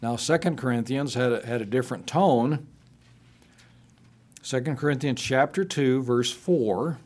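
Slow, deliberate male preacher. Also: a little mellow. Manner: slows and rises in pitch to stress scripture he reads aloud. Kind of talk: sermon.

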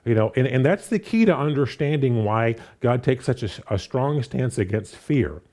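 A man's voice: mid-range voice, normal speed. A man preaching a sermon, talking through a scripture passage with lots of fillers and restarts. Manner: animated, many fillers and restarts. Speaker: pastor.

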